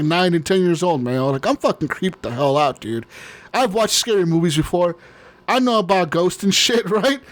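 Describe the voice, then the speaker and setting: A man with a slightly higher voice tells a long story on a casual podcast. He rambles, swears freely and often breaks into laughter. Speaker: podcast co-host.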